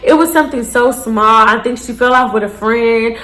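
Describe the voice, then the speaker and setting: A young woman with a slightly high voice tells a story straight to her viewers, animated and blunt. She swears freely and throws in slangy asides. The room gives her voice a noticeable echo. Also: normal speed. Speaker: storytime vlogger. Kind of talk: casual storytime monologue. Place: indoors, seated on a chair.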